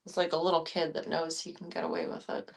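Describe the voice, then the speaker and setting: A woman's voice: low-pitched, very animated, fast talker, gravelly. A woman streaming casually from her workplace, chatting and cooing in baby talk to the animals she looks after. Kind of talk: casual live-stream chat.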